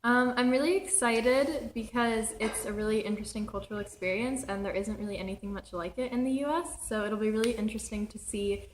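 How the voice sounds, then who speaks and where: A woman's voice: a little high, steady tone, fairly quick, hardly any pauses, a little hiss or hum. A young woman, a student, answering an interview casually and eagerly. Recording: roomy echo.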